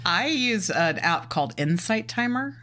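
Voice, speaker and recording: Lively storyteller co-hosting a podcast. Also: mid-range voice, measured pace, a little hiss or hum. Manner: lively storytelling, acting out quoted people. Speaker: podcast co-host. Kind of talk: casual podcast chat.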